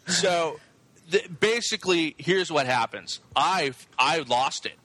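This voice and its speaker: Bright, profane storytelling man. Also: on the high side, slow pace, no echo, rough recording. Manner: animated, profane, stammering restarts.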